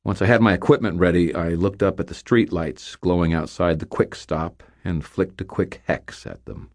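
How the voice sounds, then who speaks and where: A man's voice: sits low, steady tone, moderate pace. A man narrating a first-person story in audiobook style, with dry, wry humor.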